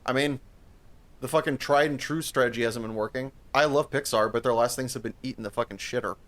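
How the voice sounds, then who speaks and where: A movie is the topic of this casual podcast chat, where a co-host rambles, swears plenty, and often begins sentences over. His mid-range voice is a bit bright and moves at a fairly quick clip.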